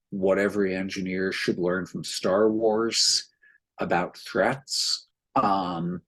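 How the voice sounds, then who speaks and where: A man talks through his expertise at a slow, measured pace. His voice has a slightly husky edge. He explains patiently and drops the occasional wry aside. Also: fairly low pitch, rough recording. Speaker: security expert guest. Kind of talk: podcast interview.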